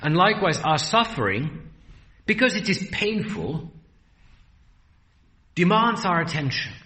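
A man preaching a sermon in an earnest, rhetorical way, slowing down and speeding up for emphasis. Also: sits high, sing-song, sharp tone, roomy sound.

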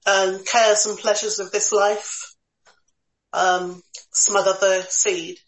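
A woman's voice: mid-range voice, flat delivery, slow, roomy sound, low-quality recording. Hesitant woman in a study group. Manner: hesitant, thinking aloud. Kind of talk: group discussion.

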